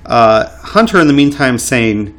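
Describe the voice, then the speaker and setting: A man's voice: medium pitch, sing-song, unhurried. Guy chiming in with questions, stammers a bit, reads some of the old account too. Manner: hesitant, questioning, with stammered restarts. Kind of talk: casual chat, reading a historical account aloud.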